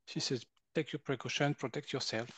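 Speaking a little fast with a breathy edge and a medium pitch, this Frenchman in his fifties has a French accent and no room sound behind him. He's a guest energy healer, animatedly telling personal stories in conversation, acting out quotes and laughing often.

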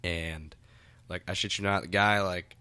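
A man's voice: low-pitched, fairly even intonation, a little slow, sharp tone, smooth, no room sound. A man who works as a bartender, telling rambling, profane stories in a casual podcast chat. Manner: rambling, many fillers and restarts, swears freely.

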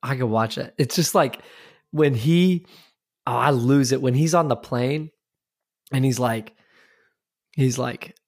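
A man's voice: mid-range voice, slow, pauses often. A man in casual chat, laughing as he acts out lines from favorite sitcom scenes.

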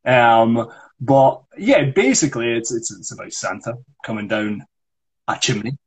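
A man's voice: medium pitch, big pitch swings, unhurried, breathy edge. A man with a northeast Scottish accent, an acting coach chatting loosely on a livestream with frequent restarts. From northeast Scotland. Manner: chatty, lots of restarts and fillers. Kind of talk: livestream chat.

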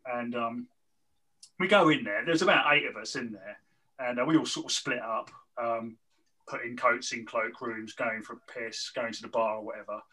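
A man's voice: mid-range voice, normal speed, breathy edge, poor audio. A man telling a long, rambling anecdote in casual chat. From southern England. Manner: rambling, animated, lots of fillers. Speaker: guest telling a story.

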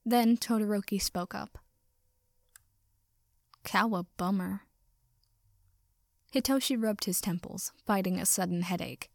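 A woman's voice: mid-range voice, normal speed, creaky, few pauses, a little mellow, no echo. Woman reading a story, dry close sound. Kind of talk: storybook narration.

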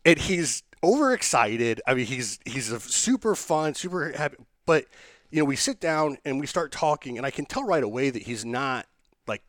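A man, a business owner telling a lively story in an interview, restarting sentences and acting out the people he quotes. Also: medium pitch, moderate pace, no room sound, studio quality.

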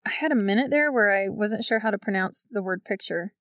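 A woman from Colombia co-hosting a podcast in a relaxed, chatty way, laughing often. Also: medium pitch, brisk, no room sound, clean studio sound. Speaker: podcast co-host. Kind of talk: casual chat.

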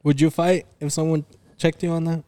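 A young man jokes around with his friends in a somewhat high voice. He switches freely between English and Spanish and teases the others. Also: flat delivery, brisk, warm tone. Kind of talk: casual chat among friends.

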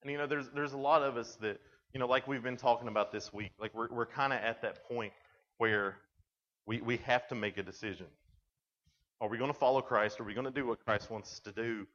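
A man giving a youth camp sermon, telling a story in a lively, conversational way and filling his talk with "like". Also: medium pitch, fairly quick. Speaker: camp speaker. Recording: dull lo-fi recording.

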